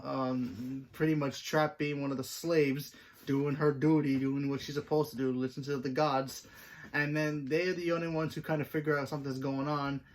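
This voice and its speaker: A man hosting his own channel, giving a casual, rambling review of a TV episode with plenty of fillers and restarts. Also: mid-range voice. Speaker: host.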